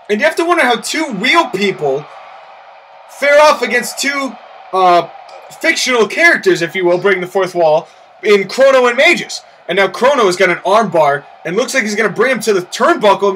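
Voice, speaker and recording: A man calls a wrestling match in a very high, bright voice. He is loud and excitable, often shouting and ranting in character between calls. A faint hiss of noise sits behind him. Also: rough recording. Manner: loud, shouting outbursts, incredulous exclamations. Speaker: commentator of a simulated wrestling match. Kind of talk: excitable play-by-play commentary with in-character promo rants.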